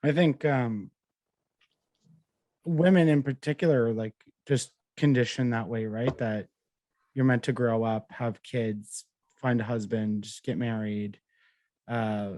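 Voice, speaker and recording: A man's voice: medium pitch, steady tone, a little slow, long pauses, darkish tone, dry recording. A man hosting a podcast, thinking aloud in a reflective, hesitant way. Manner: reflective, hesitant, with many fillers. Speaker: podcast host. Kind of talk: casual podcast interview.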